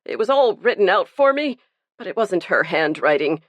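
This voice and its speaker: A woman's voice: mid-range voice, sing-song, moderate pace, no room sound, muffled recording. A woman reading the part of a guilt-ridden, burly male pastor who confesses earnestly and pleads for himself. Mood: pleading.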